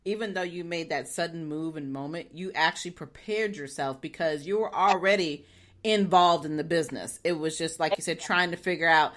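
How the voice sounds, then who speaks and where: A woman's voice: low voice, a little fast, a bit bright. A woman interviewing a guest, encouraging and affirming with frequent "mm-hmm"s and "wow"s. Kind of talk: casual interview.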